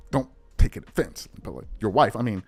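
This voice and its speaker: A man's voice: on the low side, animated, unhurried, a little mellow, husky, faint music behind, pitched below the performer's own voice, exaggerated voice. A man mimicking a smug acquaintance who coaxingly insults a friend's wife.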